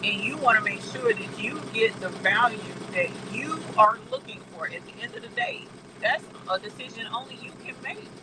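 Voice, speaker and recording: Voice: mid-range voice, sing-song, normal speed, background noise. An embroidery channel host chatting casually on a livestream, calling viewers y'all and reading out chat comments.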